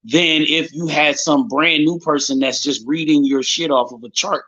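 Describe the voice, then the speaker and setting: A man hosting a casual live-stream talk show, emphatic and profane as he makes his points. His voice sits somewhat high. The audio is dull and lo-fi. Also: normal speed. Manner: animated, profane, emphatic storytelling. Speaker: host.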